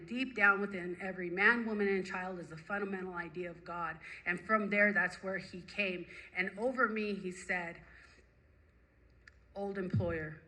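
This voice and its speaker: Woman, recovery-meeting speaker; vivid, repetitive, emphatic storytelling; very bright, cutting tone; mid pitch. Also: rough recording. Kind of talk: personal recovery story told to a group.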